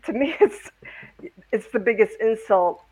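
A woman in casual conversation, agreeing and speaking in a halting way. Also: on the high side, expressive, darkish tone, husky. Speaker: conversation partner. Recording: dull, lo-fi sound.

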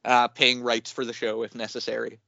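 A man co-hosting a podcast, telling a story in a casual, animated way and laughing often, over a remote call mic. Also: mid-range voice, brisk, gravelly, no room sound, muffled recording. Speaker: podcast co-host.

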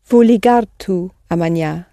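A woman's voice: lowish voice, slow, mellow, dry recording, clean studio sound. A woman taking part as a student in a language lesson, giving short answers to the teacher's prompts. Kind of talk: repeating drills in a lesson.

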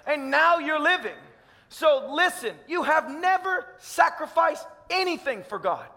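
A man's voice: extremely high pitch, very animated, measured pace, bright, forceful tone, in a large hall. A man from Tennessee with a Southern accent, preaching a fervent, emphatic sermon as pastor. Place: church sanctuary.

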